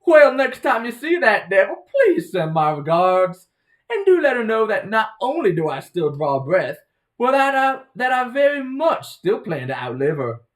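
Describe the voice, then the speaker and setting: A man's voice: big pitch swings, normal speed. A man voicing an elderly female dog with a put-on Southern accent, grand and theatrical in her speech. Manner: grand, theatrical, low and hushed.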